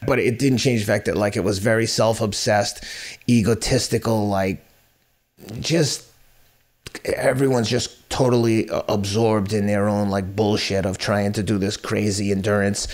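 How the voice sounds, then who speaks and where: A man in his fifties with a fairly low voice talks as a podcast guest. He tells his story bluntly and candidly, mocks himself and swears casually. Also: fairly even intonation, normal speed. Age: 50s.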